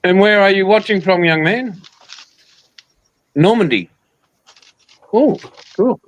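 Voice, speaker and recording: A man's voice: sits high, takes it slowly, low-quality recording. Joking Australian man hosting a livestream. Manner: joking, crude banter. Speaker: livestream host. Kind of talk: casual live chat.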